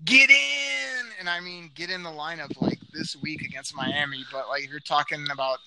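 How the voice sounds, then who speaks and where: A man co-hosting a casual sports podcast, hoarse and playful, breaking into loud shouted catchphrases. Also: on the high side, flat delivery, fairly quick, heavy background noise. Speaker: podcast co-host.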